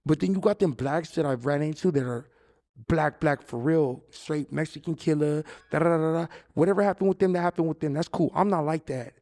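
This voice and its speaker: A man's voice: fairly high pitch, fairly quick, a little mellow. A man from the Los Angeles area talking casually in an interview, full of street slang and "you know what I'm saying".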